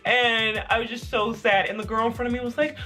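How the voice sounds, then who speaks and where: A young adult vlogger telling childhood stories in casual, animated chat, full of "like". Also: medium pitch, fairly quick, soft background music. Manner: animated, filler-heavy with frequent "like". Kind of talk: casual storytelling to camera.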